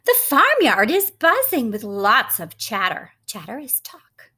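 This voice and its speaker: A woman reading a picture book aloud to young children in an animated, coaxing, teacher-like storytime voice. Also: fairly high pitch, slow pace.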